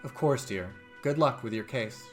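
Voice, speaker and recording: A man voicing a kindly, motherly older woman in a video game, who talks softly and calls people dear. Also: medium pitch, moderate pace, faint music behind, lightly acted. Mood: gentle. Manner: soft, sweet, calls people dear and sweetie.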